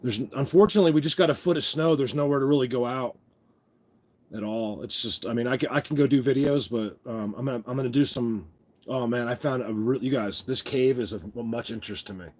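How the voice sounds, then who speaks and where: Man, husky voice, groggy, rambling live-stream chat, phone mic. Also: medium pitch, fairly quick, darkish tone. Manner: rambling, loses his train of thought, greets viewers by name. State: groggy, just woke up. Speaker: vlogger hosting a live stream. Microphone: phone camera.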